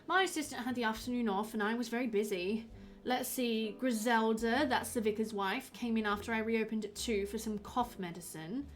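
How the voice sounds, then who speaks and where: A woman's voice: a little high, normal speed, close to an everyday voice. A woman reading a chatty, fussy village pharmacist. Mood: gossipy.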